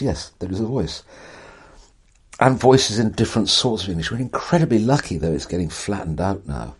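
A man's voice: sits low, darkish tone, husky. An older man, a writer answering an interviewer's questions with eloquent, wry, theatrical storytelling. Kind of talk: animated conversational storytelling.

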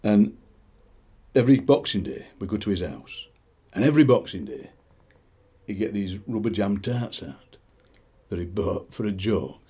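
Husky Yorkshire poet in his sixties. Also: on the low side, animated, moderate pace, mellow. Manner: anecdotal, rambling, chuckling asides. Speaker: poet and radio presenter. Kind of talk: poetry reading and chat.

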